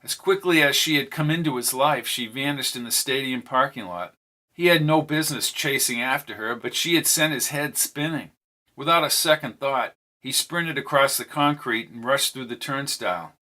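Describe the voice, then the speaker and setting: Bright-voiced male audiobook narrator. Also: medium pitch, normal speed. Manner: steady, descriptive storytelling. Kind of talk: scripted narration.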